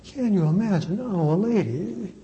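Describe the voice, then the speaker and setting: A man, a priest, preaching a sermon with slow, emphatic repetition. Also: sits high, animated, warm tone, dull audio.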